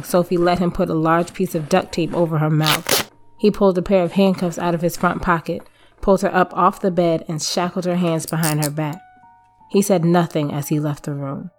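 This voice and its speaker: Brief: woman story narrator, lower pitch, measured and even delivery. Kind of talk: scripted narration. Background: faint music.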